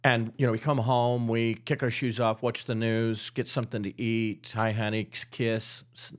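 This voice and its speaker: Speaking at a normal speed with a medium-pitched voice, a middle-aged man from Utah appears as a real estate guest on a casual podcast. He animatedly acts out the characters in his stories.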